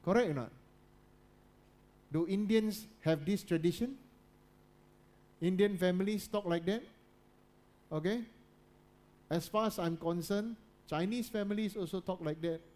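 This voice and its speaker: A man giving a motivational talk to students. He repeats his points and keeps checking in with the audience, often dropping to a soft, low voice. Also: a little slow, pauses often. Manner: repetitive, keeps checking in with listeners. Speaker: guest speaker.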